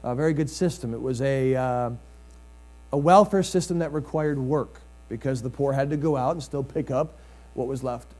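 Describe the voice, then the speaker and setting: A man's voice: mid-range voice, moderate pace, a little mellow. A man preaching a sermon in a conversational way, rising into emphatic bursts and reading scripture with drama.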